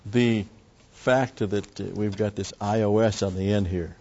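A man's voice: fairly low pitch, fairly even intonation, unhurried, darkish tone. A man preaching a methodical Bible teaching, explaining Greek words and repeating key terms. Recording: dull lo-fi recording.

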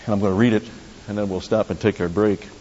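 A man preaching a sermon with a fairly low voice, talking to the congregation in an easy, conversational way with asides and restarts. The recording sounds dull, with a long hall echo and faint hiss underneath. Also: fairly even intonation, fast, mellow. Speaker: pastor.

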